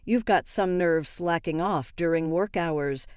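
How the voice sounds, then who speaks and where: A sneering middle-aged male department head, all sarcasm and scolding, voiced by a woman narrating a story. The voice sits a little low and sounds close and dry. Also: unhurried, darkish tone, clear, resonant tone, dry recording, lightly acted. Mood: scornful.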